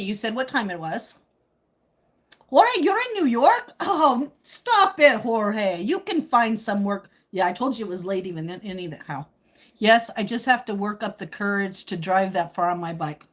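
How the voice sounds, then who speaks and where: Chatty husky-voiced woman live-streaming. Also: mid-range voice. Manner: chatty, teasing, reads out and answers viewer comments; speaks while eating. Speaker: livestream host chatting with viewers. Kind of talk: casual live stream chat.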